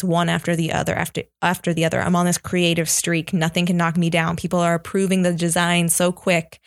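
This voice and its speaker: A woman's voice: on the low side, dry recording, clean studio sound. A woman in a casual faith podcast chat, talking candidly and reflectively about her own experience. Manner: candid, reflective personal sharing.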